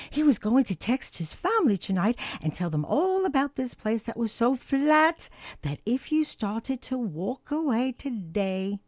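An older woman from Canada reads a children's storybook aloud, her voice swooping high and low in an animated, expressive way. She sits a touch high for a woman, and the sound is dry and close. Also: no echo.

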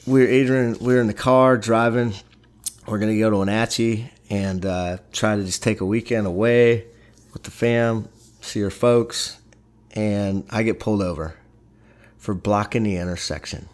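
A middle-aged man tells a personal story in a casual, animated way, with lots of halting restarts. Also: lowish voice.

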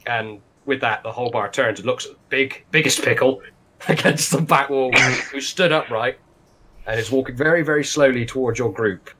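A man narrating as game master in a tabletop game, animated and swearing as he describes the scene. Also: medium pitch, moderate pace.

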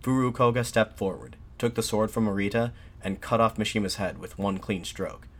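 A man reads a scripted history narration in a steady, measured way. His voice sits on the low side, and he now and then restarts a phrase before moving on.

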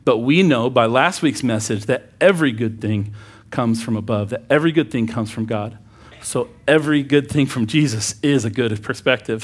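A male pastor preaching a conversational sermon, with joking asides and sudden emphatic bursts. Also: mid-range voice.

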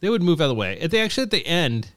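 A man's voice: fairly high pitch, sing-song, very fast, a bit bright, no echo, studio quality. A man hosting a casual group chat, who laughs easily and leads the others through a vote. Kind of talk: casual chat reacting to a video.

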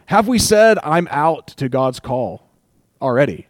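Young male pastor, casual sermon, animated and chatty, dry close sound. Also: medium pitch, normal speed, no echo. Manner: conversational, animated preaching with laughs and acted asides.

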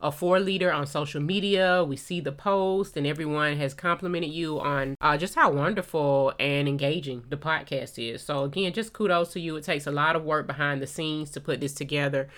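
A woman acting as guest interviewer on a podcast, asking questions in a measured, complimentary way. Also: low voice, fairly bright tone.

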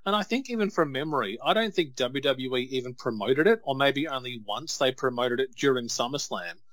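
A man in his thirties co-hosts a relaxed podcast chat. His voice sits at an everyday middle pitch and gets animated when he retells a story. The sound is close and dry, with no room around it. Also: a little fast, no echo. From Australia. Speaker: podcast co-host. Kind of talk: casual chat.

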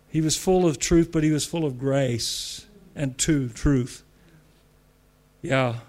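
A man's voice: medium pitch, takes it slowly, darkish tone. A man preaching a sermon with emphatic repetition, laughing between points.

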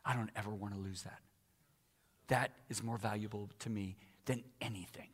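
A man's voice: on the low side, fairly even intonation, normal speed, fairly bright tone, a little hiss or hum. A man in his sixties preaching a sermon with emphatic, dramatic repetition. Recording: echoey hall.

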